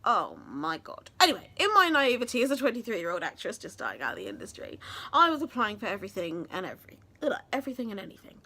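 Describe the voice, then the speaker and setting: A woman's voice: mid-range voice, wildly swooping pitch, fast, pushed and bright. A woman, telling a story in a casual vlog, chatty and self-mocking with some swearing. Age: 20s. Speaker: vlogger and actress.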